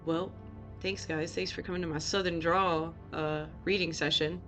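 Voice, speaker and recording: A chatty woman streamer who reacts to her viewers and jokes while playing. Her voice sits a little low, with faint music under it. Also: steady tone, moderate pace, fairly bright tone. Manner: chatty, joking, reacting to chat. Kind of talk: casual game commentary.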